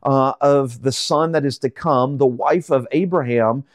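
A man works through a Bible chapter verse by verse, reading each verse slowly and then explaining it casually, with fillers and restarts along the way. His voice sits at a medium pitch, and the recording is dry and studio quality.

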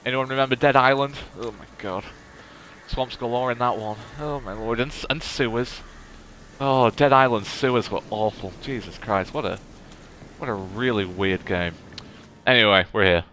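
Guy gaming, bright sharp voice, animated, faint hiss. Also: medium pitch, normal speed. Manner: animated, chatty, self-deprecating. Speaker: gaming video host. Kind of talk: let's play commentary.

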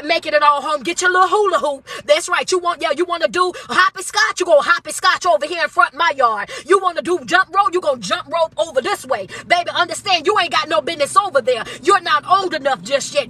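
A woman's voice: extremely high pitch, sharp tone. Emphatic forty-something woman life coach. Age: 40s. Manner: preachy, emphatic, calls listeners baby. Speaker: motivational speaker and life coach. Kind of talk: motivational monologue.

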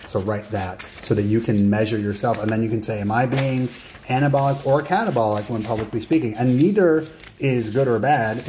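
Man, coach, low voice, direct, talks straight to the listener, gives exercises. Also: a little mellow, slight background noise. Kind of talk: recorded coaching lesson.

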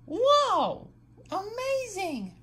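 A woman's voice: fairly high pitch, lively intonation, slow pace, background noise. A woman playing a caring, motherly girl superhero who encourages her little sister, in a fan role-play. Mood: excited, proud.

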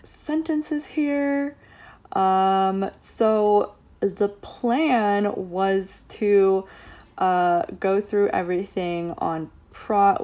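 A woman's voice: mid-range voice, warm tone. A young woman student chatting casually in a vlog, filling her talk with "like". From United States. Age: young adult. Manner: chatty, many "like" fillers. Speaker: university student vlogger. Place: home room and campus lab.

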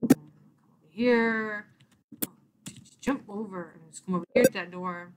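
Young woman gamer, rambling let's play chatter, mid-pitch, keeps groaning at the game. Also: lively intonation, fast, noisy background. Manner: exasperated, rambling, mock-cursing at the game. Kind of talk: casual gameplay commentary.

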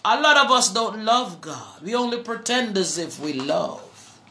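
Slow, fervent Jamaican woman preacher. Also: mid-range voice, very animated, sharp tone, echoey room, a little hiss or hum. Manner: slow, fervent, breaks into song. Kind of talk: preaching to a live online audience.

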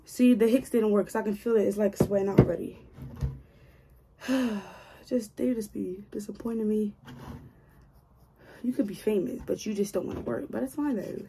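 Chatty woman vlogger with a mellow voice. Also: medium pitch, moderate pace, vocal fry, pauses often, slight background noise. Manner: chatty, joking, grumbles and talks to herself. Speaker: hair vlogger. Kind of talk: casual chat to viewers while styling her hair.

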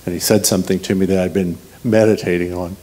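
A man with a somewhat low voice delivers a sermon as a guest preacher. He talks in a relaxed, conversational way, weaving personal stories with humor. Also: fast talker. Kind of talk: storytelling sermon.

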